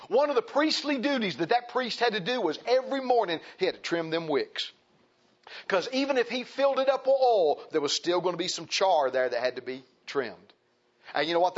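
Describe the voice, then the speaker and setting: A man preaching a sermon as pastor, with a folksy, animated delivery that swings from loud bursts to hushed asides. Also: high-pitched, lo-fi sound.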